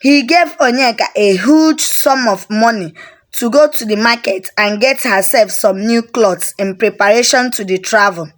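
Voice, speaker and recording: A woman with a Nigerian accent narrating a folk tale in a steady storybook manner. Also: on the high side, moderate pace.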